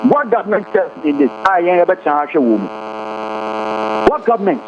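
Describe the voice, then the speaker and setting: A man's voice: sits high, wildly swooping pitch, normal speed, gravelly. A Ghanaian man speaking as a guest commentator, impassioned and firing off rhetorical questions. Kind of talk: heated interview talk. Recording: tinny phone-like line, faint hum.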